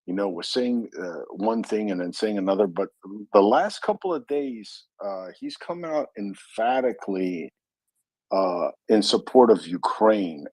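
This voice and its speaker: Low-voiced man, chatty and joking. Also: a little mellow, husky, no echo, poor audio. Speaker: panel regular asking questions. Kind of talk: casual online discussion.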